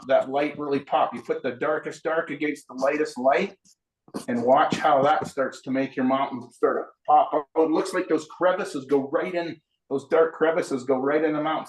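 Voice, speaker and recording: A man giving a live painting lesson, chatting and explaining each step while he paints. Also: fairly high pitch. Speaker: painting instructor. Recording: roomy echo.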